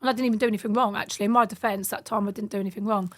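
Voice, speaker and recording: A woman in her thirties, a podcast guest, telling stories in a casual, animated way and acting out the voices in them. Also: mid-range voice, very fast. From United Kingdom. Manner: animated, acts out quoted voices. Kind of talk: casual storytelling.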